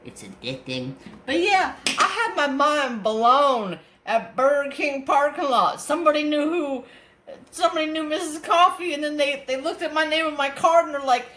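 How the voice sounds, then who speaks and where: Lively, cussing man telling a story. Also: very high voice, moderate pace, reverberant, a little hiss or hum. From Northern California. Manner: animated, swears freely, repeats and restarts words. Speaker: crafting channel host. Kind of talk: casual storytelling chat.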